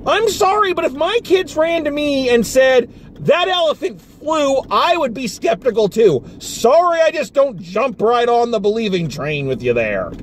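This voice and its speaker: A man delivers a casual movie review from the seat of a car, his voice pitched high and leaping around with exasperation. He rants and swears freely, sounding worked up. A faint hum of road noise sits underneath. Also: normal speed, few pauses. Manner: exasperated, animated ranting with swearing. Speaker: film reviewer. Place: inside a car.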